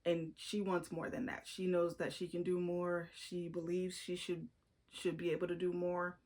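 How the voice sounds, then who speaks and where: A woman's voice: on the low side, completely flat delivery, moderate pace, a little mellow. A woman giving a casual, chatty book review, emphatic and full of opinionated asides.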